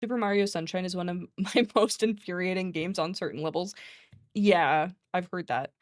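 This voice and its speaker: A woman's voice: lowish voice, normal speed, no room sound. Woman streamer, casual rambling chat, frequent laughs, profane, dry close sound. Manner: rambling, laughs often, swears freely.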